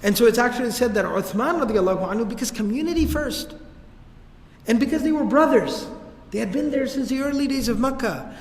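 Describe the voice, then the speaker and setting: A man's voice: very high voice, expressive, a little fast. A man giving a casual, conversational religious history lecture, with slangy turns of phrase, in a large hall. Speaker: religious teacher. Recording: echoey hall with long reverb.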